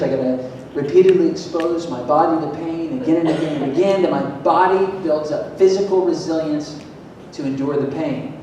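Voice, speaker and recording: A man from Florida gives an energetic, emphatic talk as a motivational speaker at a school event, livening things up by asking the audience questions. The recording comes from an echoey hall with a distant mic and a faint rumble underneath.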